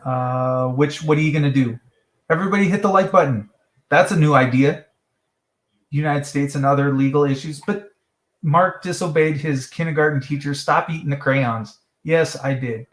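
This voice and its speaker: A man's voice: normal speed, echoey room. A man chatting loosely on a live stream, joking and jumping between topics. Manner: joking, jumps between topics, mimics voices in high falsetto. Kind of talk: rambling live stream chat.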